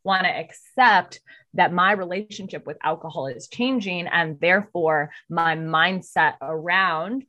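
Candid woman guest, emotional and blunt, swears, climbs high when worked up. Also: unhurried, bright, forceful tone. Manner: emotional, swears freely, rises sharply when heated. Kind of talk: candid personal storytelling.

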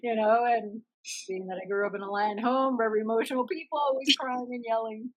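Animated woman telling stories. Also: fairly high pitch, brisk, dull audio. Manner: animated storytelling with laughs. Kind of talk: casual conversation.

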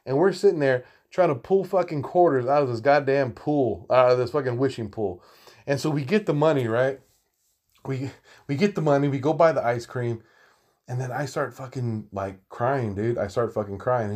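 A man's voice: medium pitch, normal speed. Profane rambling man telling stories. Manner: profane, rambling, animated, laughing asides. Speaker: storyteller. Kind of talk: casual storytelling monologue.

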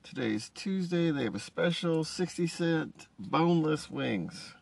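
Slow, gravelly-voiced man musing deadpan. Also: fairly high pitch. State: tired, yawning. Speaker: vlogger. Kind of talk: casual rambling monologue.

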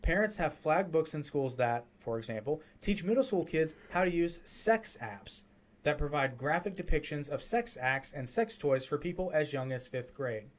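A man's voice: a little high, lively intonation, moderate pace. A man hosting a podcast, ranting heatedly and with a lot of profanity during a casual political chat. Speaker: podcast host.

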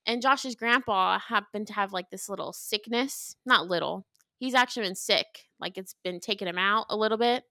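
A woman's voice: mid-range voice, normal speed, pushed and bright, no echo, studio quality. A woman co-hosting a marriage podcast, talking in a chatty, emotional way with lots of fillers. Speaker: podcast co-host. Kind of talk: casual chat.

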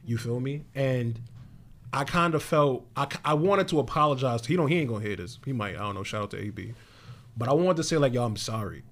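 A man's voice: medium pitch, lively intonation, a little fast, fairly bright tone. A young man co-hosting a podcast, talking in a laid-back, slangy way with lots of fillers. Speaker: podcast co-host. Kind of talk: casual chat.

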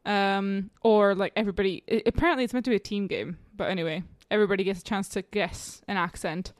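A woman's voice: mid-range voice, steady tone, quick pace, no room sound, clean studio sound. Chatty, laughing woman podcast host. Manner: chatty, self-deprecating, laughs often. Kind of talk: casual chat.

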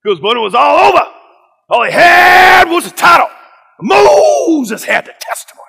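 A man voicing a fiery preacher who shouts at a room of children in an emphatic, repetitive sermon style. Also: very animated, moderate pace, gravelly, big-room sound, full character voice. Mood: rousing. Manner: booming, emphatic, repeats phrases.

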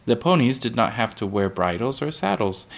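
A man reading a children's book aloud, unhurried, with small slips that he corrects. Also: medium pitch, very animated.

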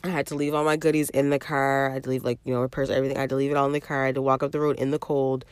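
A woman's voice: extremely low pitch, flat delivery, rapid-fire, clean tone, dry recording. A woman in her thirties telling a rambling story to her viewers in a casual vlog, repeating phrases and often calling out to them directly. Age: 30s. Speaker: vlogger.

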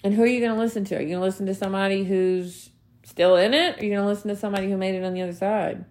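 Talking very fast in a mid-range, somewhat dark voice with fairly level intonation, this thirty-something woman delivers a motivational solo episode of her podcast. She's earnest and emphatic, hammering home her main points through repetition and tossing in casual profanity as she speaks to her audience.

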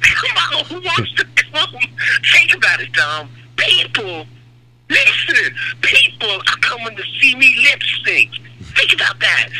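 A man's voice: extremely high pitch, bright, forceful tone, husky, heavily acted, low-quality recording. A man doing a comedic impression of a crude, mocking aging male rock star, gossiping sarcastically on a radio call. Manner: crude, sarcastic, gossipy, calls the host by name.

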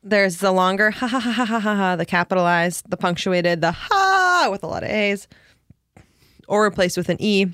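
A woman's voice: mid-range voice, moderate pace, no echo, clean studio sound. A woman co-hosting a casual chat, reading from an article and acting out the quotes with giggles. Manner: reads article aloud, giggly, animated quoting. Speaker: podcast co-host.

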